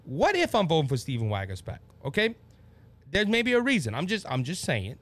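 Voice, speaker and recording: A man's voice: a little high, huge pitch swings, fairly quick, fairly bright tone, dry recording. A man with a Louisiana accent hosting a political talk show, passionate and worked up, often stumbling and repeating words. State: worked up and sweating. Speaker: podcast host.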